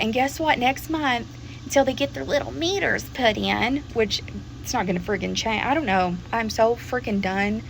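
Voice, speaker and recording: A fed-up woman venting straight to the camera in a fairly high voice. She sounds exasperated, keeps circling back on herself, and throws in mild curses. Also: normal speed, gravelly, a little hiss or hum, low-quality recording. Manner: exasperated, swears mildly, repeats herself.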